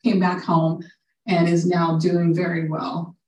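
Woman sharing a halting testimony, distant and echoey. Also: on the low side, completely flat delivery, a little mellow. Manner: halting, with many fillers and restarts. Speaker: prayer group member sharing a testimony. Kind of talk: personal testimony.

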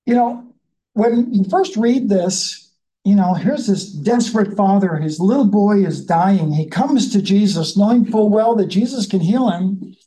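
A Bible study leader in a conversational teaching style, reading scripture slowly and then musing about it in a chatty way. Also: medium pitch, expressive, mellow, rough recording.

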